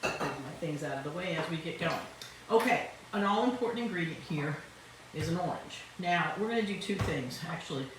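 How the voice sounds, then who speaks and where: A woman's voice: low voice, expressive, brisk. A woman with a light Italian-tinged accent talks her way through a recipe in her home kitchen, rambling a little and explaining as she goes. Her voice bounces around a very echoey room, picked up from a distance with faint room hiss behind it. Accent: Italian-tinged English. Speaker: home cooking show host. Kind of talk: casual cooking demonstration.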